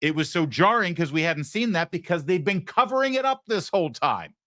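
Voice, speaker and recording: A man's voice: on the high side, sing-song, a little fast, sharp tone, no echo, clean studio sound. A man hosting a talk show, giving emphatic opinionated commentary and asking rhetorical questions. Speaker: host.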